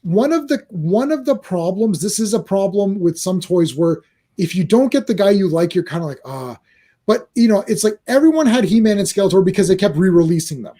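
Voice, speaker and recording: A man's voice: high-pitched, lively intonation, fairly quick, warm tone. A man ranting in casual movie chat, acting out quoted reactions. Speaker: podcast co-host.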